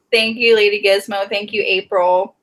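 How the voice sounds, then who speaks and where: A woman's voice: medium pitch, fairly bright tone, slight background noise, poor audio. A woman co-hosting a book club live stream, talking in a gushing, emotional way and laughing often. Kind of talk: casual live stream chat.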